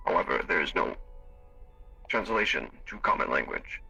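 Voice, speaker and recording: A man voicing a formal augmented alien with servos, speaking in a measured, clipped way in a live role-play. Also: sits low, animated, creaky, sharp tone, breathy edge, highs cut off, heavily acted. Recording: distant mic with faint music.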